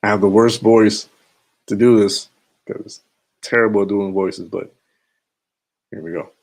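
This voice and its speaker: Young man, streamer, casual, slangy, rambling, low-ish voice. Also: level tone, a little slow, a little mellow. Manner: laid-back slangy rambling, chuckling to himself. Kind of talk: casual late-night live stream chat.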